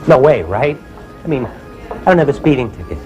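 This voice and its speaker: A man's voice: medium pitch, big pitch swings, fairly quick, muffled recording, over music. A man telling his own true story to an audience, plain-spoken and reflective, often saying "you know".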